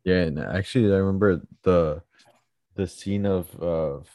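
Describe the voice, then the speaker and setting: A young man chatting casually about movies, laughing often and retelling scenes quickly. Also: low-pitched, warm tone, dry recording, clean studio sound.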